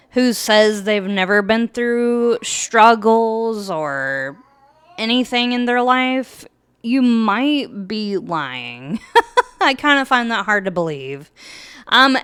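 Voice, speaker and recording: Woman podcast host, unhurried and emotional, very clear close-mic voice with no room sound. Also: medium pitch, no echo. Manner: slow, soft-spoken, with fillers and nervous laughs. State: emotional, holding back tears. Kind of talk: casual chat with a read-aloud book introduction.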